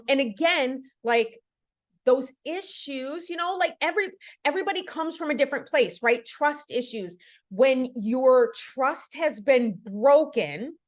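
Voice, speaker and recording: A middle-aged woman leads a casual book club chat over a video call. Her voice sits a little high, and she speaks earnestly and encouragingly, filling her sentences with "you know" and "like". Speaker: podcast host leading a book club.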